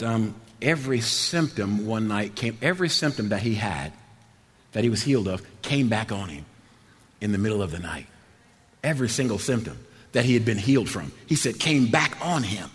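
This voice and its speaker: An older man preaching a sermon, animated and laughing, swinging between loud and quiet. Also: mid-range voice, normal speed. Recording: long hall reverb.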